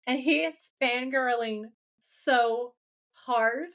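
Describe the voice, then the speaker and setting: Speaking very slowly in a fairly high voice, this podcast co-host gives a casual rundown of a TV episode. She's animated, playing out its scenes as quoted lines of dialogue.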